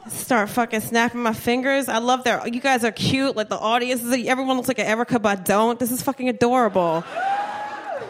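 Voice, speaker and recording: High-pitched jersey woman doing stand-up, brash, swears a lot, giggly. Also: big pitch swings, a little fast. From New Jersey, USA. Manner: brash, profane, giggly storytelling. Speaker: stand-up comedian. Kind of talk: live stand-up set. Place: comedy stage before a live audience.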